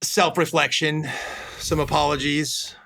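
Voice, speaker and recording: A man in his fifties speaking candidly as a podcast guest, with halting starts and frequent restarts. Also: on the high side, level tone, vocal fry, pushed and bright. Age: 50s. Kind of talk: candid conversational interview.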